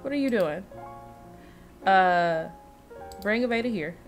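A woman's voice: mid-range voice, expressive, slow pace, faint music behind. A woman giving casual gameplay commentary, thinking aloud and chatting to the characters on screen. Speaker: let's-play host.

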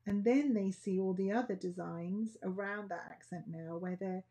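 A woman demonstrates nail art, talking slowly and casually as she thinks aloud. Her voice sits low and gravelly, with a husky, dark, mellow tone. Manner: chatty, thinking aloud while working.

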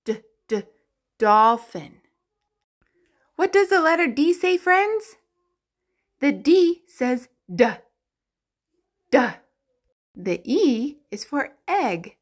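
A woman teaching the alphabet to toddlers in a slow, sing-song, exaggerated way, with playful animal sounds. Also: high voice, very animated. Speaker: children's educator.

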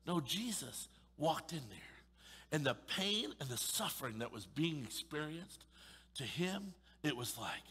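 A male pastor preaching an emphatic, sarcastic sermon, swinging between loud pushes and sudden hushed asides. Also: a little high, very animated, measured pace, husky, in a large hall. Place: church sanctuary.

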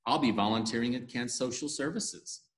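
A man's voice: medium pitch, normal speed, close to an everyday voice. A man doing an earnest elephant. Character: busy volunteer elephant. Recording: echoey room.

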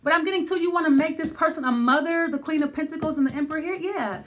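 Casting note: woman tarot reader, high voice, rambling and conversational. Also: fast talker, fairly bright tone. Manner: thinking aloud, many restarts and fillers. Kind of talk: casual tarot reading.

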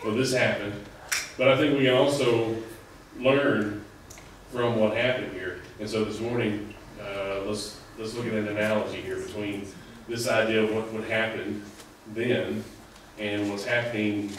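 A man's voice: fairly low pitch, steady tone, a little slow, a little hiss or hum. A man preaching a sermon in a loose, conversational way, full of fillers and restarts. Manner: conversational, rambling with many fillers. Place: church sanctuary. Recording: echoey hall, mic at a distance.

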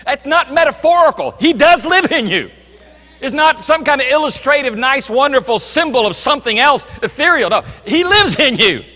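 A man preaching a sermon as pastor, emphatic, swinging between loud declarations and hushed asides. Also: very high-pitched, expressive, normal speed, long reverb tail. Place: church sanctuary.

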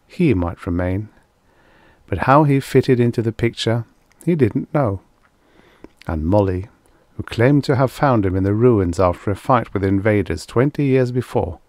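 A man narrating a vintage science fiction short story in a measured, steady way. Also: low-pitched, dry recording. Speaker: audiobook narrator.

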